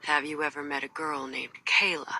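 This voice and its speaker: An actress voicing a tough, cold female mercenary in a video game, with a gruff, threatening, folksy drawl. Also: sits low, flat delivery, normal speed, bright, forceful tone, heavily acted, poor audio. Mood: menacing. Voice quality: husky.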